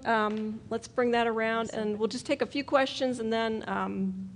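A woman speaking to a church group, leading questions and comments in a relaxed, self-deprecating way. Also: on the high side, gravelly, slight background noise. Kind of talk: church talk with audience questions.

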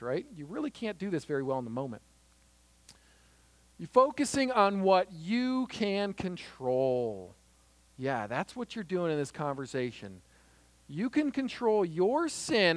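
A man with a fairly high, very animated voice teaches about handling conflict, earnest and conversational. He slips into small stories from his own home. The sound is close and dry. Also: no room sound. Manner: earnest and lively, acts out little scenes. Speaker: Christian teacher on marriage conflict.

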